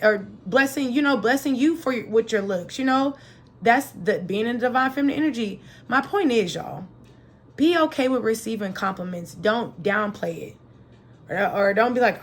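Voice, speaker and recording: Woman, young adult, podcast host, motivational solo talk, lively and chatty, slightly high pitch. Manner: lively, chatty, animated, acts out quoted voices.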